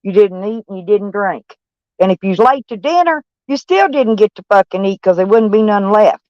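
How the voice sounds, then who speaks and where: A woman's voice: medium pitch, animated, moderate pace, darkish tone, dry recording. An older woman vlogging about her day to camera, blunt, profane and rambling. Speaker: van-life vlogger. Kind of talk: casual rambling talk to camera. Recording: dull, dry recording.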